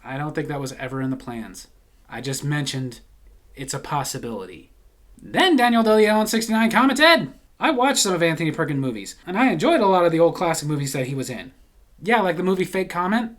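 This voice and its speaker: Animated deadpan man reading comments. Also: fairly high pitch, fairly quick. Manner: deadpan, jokey, reads comments aloud with dramatic flair; laughs at his own jokes. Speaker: channel host reading viewer comments. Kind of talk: casual comment-reading chat.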